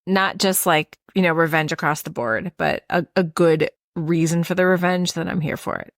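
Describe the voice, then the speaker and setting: A chatty woman co-hosting a podcast, with a lower voice than most. She rambles through her points with plenty of fillers and laughs easily. The sound is dry and close. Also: moderate pace, no room sound. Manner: chatty, laughs often, asks questions. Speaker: podcast co-host. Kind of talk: casual chat.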